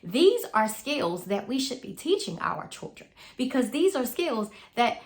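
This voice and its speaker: A woman's voice: fairly high pitch, sing-song, a little slow. A mother talking earnestly in a loose, conversational monologue, sharing advice. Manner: earnest, conversational, speaks in loose repeating phrases.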